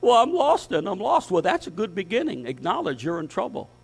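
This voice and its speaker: A man preaching as pastor, fervent, dropping to hushed tones and rising to loud, emphatic lists. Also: high voice, huge pitch swings, brisk, vocal fry, slightly rough. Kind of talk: sermon.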